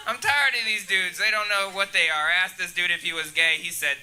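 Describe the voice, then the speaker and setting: A man's voice: sits high, brisk, bright, forceful tone, clear, resonant tone, soft background music. A man doing a crude live stand-up set in a comedy club, often laughing at his own jokes. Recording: live club with audible crowd noise.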